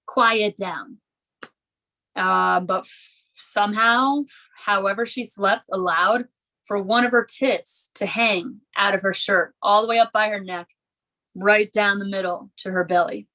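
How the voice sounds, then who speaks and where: A woman doing stand-up on a club stage, telling rambling personal stories into a handheld mic. Her voice sits at a middle pitch, and her delivery is loose and chatty, full of fillers. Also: a little slow, sharp tone, low-quality recording. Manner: conversational storytelling with many fillers. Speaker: stand-up comedian. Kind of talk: stand-up comedy set.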